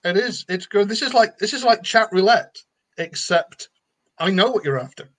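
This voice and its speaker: A middle-aged man hosts an online comedy show with wry, self-deprecating patter. His voice sits unusually high for a man. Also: animated, normal speed, fairly bright tone.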